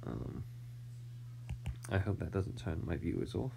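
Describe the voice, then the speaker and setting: American guy muttering to himself as he draws, deep and slow, loud hum behind him. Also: big pitch swings, gravelly. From United States. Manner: mumbling, trailing off, drops to whispers; self-deprecating asides. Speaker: artist drawing on stream. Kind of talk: thinking aloud while sketching.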